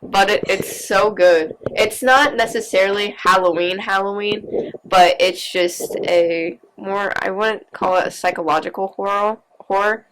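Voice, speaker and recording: A woman's voice: mid-range voice, steady tone, measured pace, fairly bright tone, low-quality recording. A teenage woman co-hosting a casual chat, rambling and dramatic with many fillers. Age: late teens. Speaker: co-host.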